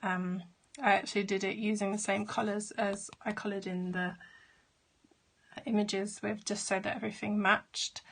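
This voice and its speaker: A woman chats about her crafts in a relaxed, rambling way, full of small fillers and asides. Her voice is a little hoarse as she is losing it, and her pitch stays quite even. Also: moderate pace. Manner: chatty, with fillers and trailing asides. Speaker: craft vlogger. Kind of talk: casual show-and-tell.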